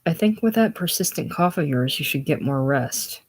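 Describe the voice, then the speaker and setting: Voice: medium pitch, animated, normal speed, close to an everyday voice. A reader voicing a tired, irritable young writer with a curt manner in a casual play reading. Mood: weary. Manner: curt, weary.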